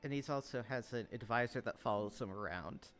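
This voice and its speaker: A man running a tabletop game as game master, narrating with many pauses and filler words. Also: mid-range voice, fairly bright tone. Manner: halting, full of filler words.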